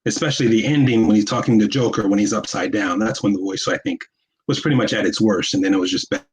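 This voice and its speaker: A man's voice: lowish voice, fast, slightly rough, rough recording. A man in a casual movie discussion who asks questions and often restarts his sentences with hesitation. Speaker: podcast co-host.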